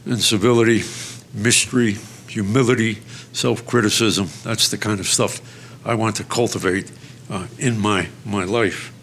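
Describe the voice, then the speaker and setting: A man's voice: fairly low pitch, steady tone, moderate pace, fairly bright tone, a little hiss or hum. A man giving a lecture. He tells personal stories in a chatty, self-mocking way, with asides and restarts. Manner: self-mocking storyteller, draws laughs. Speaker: guest lecturer. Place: lecture hall.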